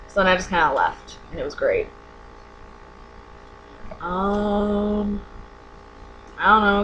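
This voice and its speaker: A woman's voice: fairly low pitch, a bit bright, slight background noise, poor audio. A young adult woman in a casual webcam vlog, rambling and sarcastic, saying "like" a lot. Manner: rambling, sarcastic, heavy use of "like". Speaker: vlogger. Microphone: webcam mic.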